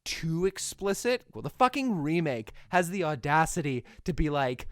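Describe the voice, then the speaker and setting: A young adult film commentator delivering a comedic, profanity-laced rant, self-mocking and animated. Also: mid-range voice, normal speed, no echo, faint music behind.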